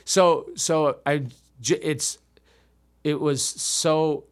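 A man in his fifties from the United States, an improv comedian guesting on a podcast, restarts often while telling a self-deprecating story in casual conversation. His voice runs on the high side with a steady tone and drawn-out words.

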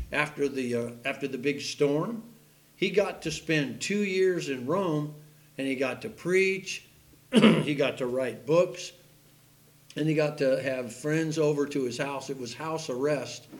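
A fervent male preacher, his voice sitting a bit higher than most men's. He reads old-style scripture aloud and stresses key words with bursts of volume, stumbling into fillers and restarts along the way. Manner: fervent, rising to loud emphasis with frequent fillers and restarts; reads scripture aloud in King James wording. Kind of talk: sermon.

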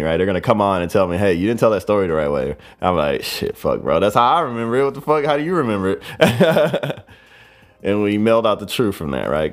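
A young man hosting a podcast, telling a story in a rambling, profane way and adding "right?" after nearly every phrase. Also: on the low side. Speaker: podcast host. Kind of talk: casual solo monologue.

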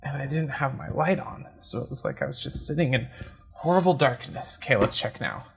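A man's voice: medium pitch, fairly quick, creaky, breathy edge. A man streaming a game playthrough, chatting in a wry, easily amused way at a desk mic. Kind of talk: casual live game playthrough commentary. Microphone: webcam setup with desk mic.

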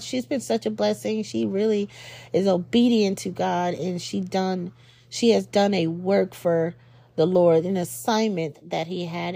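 A woman's voice: mid-range voice, mellow, no room sound. A young woman hosting a podcast, giving a casual devotional talk in an affectionate, preacherly way with frequent fillers. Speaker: podcast host.

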